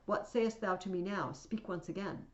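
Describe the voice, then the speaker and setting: A woman reading aloud as a commanding male Roman ruler, proclaiming his lines loudly. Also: medium pitch, moderate pace, roomy sound, lo-fi sound, close to an everyday voice. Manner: loud, proclaiming, theatrical.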